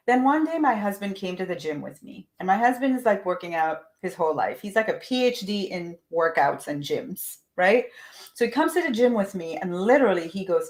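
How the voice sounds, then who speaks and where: A woman's voice: medium pitch, big pitch swings, normal speed. A woman coaching her audience in a live motivational talk, emphatic and fond of repeating phrases for effect. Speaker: manifestation coach.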